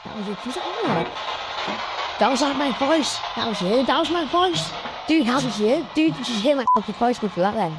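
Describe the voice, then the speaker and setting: A woman narrating a scripted horror story in a slow, measured, even way. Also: sits high, very noisy.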